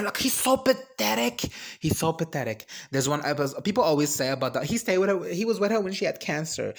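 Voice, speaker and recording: A vlogger giving an animated, exasperated reaction rant, sarcastic and emphatic, breaking into high shrieks. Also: quick pace. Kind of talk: ranting reaction commentary.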